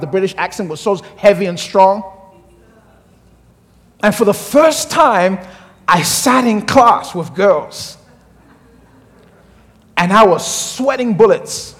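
Middle-aged African male pastor, very high voice, humorous storytelling sermon, long reverb of a church hall. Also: measured pace, pauses often, a bit bright. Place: church sanctuary.

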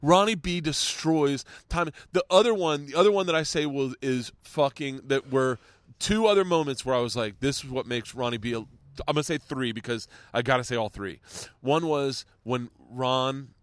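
A man's voice: medium pitch, normal speed, dry recording. A man hosting a podcast, telling a rambling anecdote in casual chat, acting out voices and swearing freely. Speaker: podcast host. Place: outdoors.

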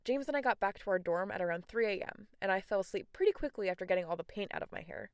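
A young woman narrating a personal story in a plain, steady way. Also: mid-range voice, fast, no room sound, clean studio sound. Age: young adult.

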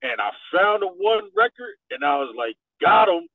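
A man, a DJ, telling stories in a lively way on a radio talk show, acting out what people said. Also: fairly high pitch, normal speed, no room sound. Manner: animated storyteller, acts out quotes. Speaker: DJ guest. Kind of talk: radio interview. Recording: dry tinny phone-like sound.

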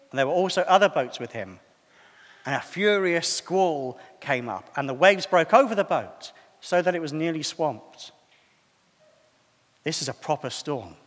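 Male preacher, animated high voice, reverberant hall, chatty and self-deprecating. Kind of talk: sermon.

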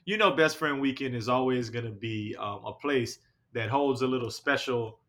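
A man's voice: mid-range voice, moderate pace, a bit bright. A man hosting a casual podcast chat, rambling with many fillers and restarts. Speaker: podcast host.

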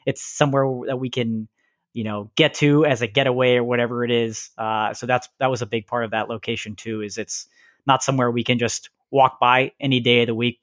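A man co-hosting a podcast in casual chat over a video call, telling stories in a rambling, animated way. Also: medium pitch, no echo, studio quality. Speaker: podcast co-host.

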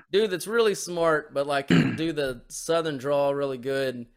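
A man's voice: a little high, unhurried, creaky. A man co-hosting a podcast in a crude, rambling, profanity-heavy casual chat. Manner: crude, rambling, lots of swearing. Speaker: podcast co-host.

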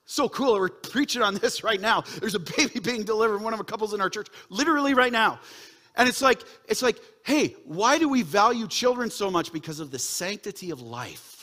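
A middle-aged pastor preaching to his church in a high, bright voice. He moves between hushed, earnest asides and loud, excited bursts. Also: brisk. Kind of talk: sermon.

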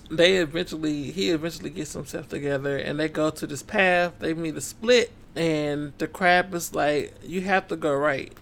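A man's voice: on the high side, a little slow, vocal fry, fairly bright tone, slight background noise. A man co-hosting a casual book-club podcast, retelling a story in laid-back slang and acting out the characters' lines. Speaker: podcast co-host.

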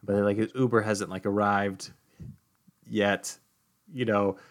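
A man hosting a comedy podcast, telling a long story in a rambling, deadpan way. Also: fairly low pitch, slow. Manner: rambling, deadpan, full of fillers like "like" and "you know". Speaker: podcast host.

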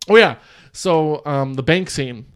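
A man's voice: a little high, a little slow, clear, resonant tone. A man hosting a podcast, casually retelling movie scenes with lots of laughter and acted-out quotes. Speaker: podcast host. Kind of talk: casual movie-review chat.

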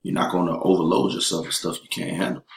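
A man with a very low voice talks casually as a guest, emphatic and streetwise. His words run on in bursts. The room around him rings with echo. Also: flat delivery, fast talker, creaky, a little hiss or hum. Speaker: elementary school teacher and interview guest. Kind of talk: casual chat. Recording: roomy echo.

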